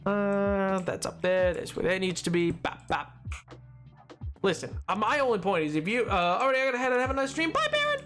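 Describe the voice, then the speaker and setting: A man's voice: sits high, big pitch swings, brisk, fairly bright tone, soft background music. A man streaming a game, chatting casually in a goofy, rambling, playful way, a little tired. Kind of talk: casual live-stream chat while gaming.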